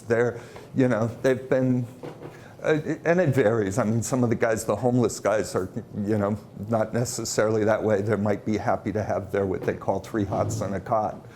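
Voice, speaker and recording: A man presenting at a conference, telling stories in a halting way with many fillers. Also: medium pitch, darkish tone, slight background noise. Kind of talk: conference talk.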